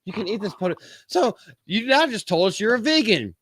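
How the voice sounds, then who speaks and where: High-pitched and sing-song, the host talks briskly in a slightly bright, slightly rough voice, captured dry. He's doing live-stream commentary as a podcast host, reading quotes aloud and breaking in with sarcastic asides and a profane, mocking rant.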